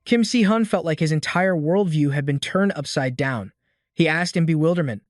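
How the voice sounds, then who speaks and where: A man narrating a comic story recap in a steady scripted style, reading the characters' quotes plainly. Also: a little high, moderate pace, dry recording, clean studio sound. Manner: even storytelling, reads quotes without acting them.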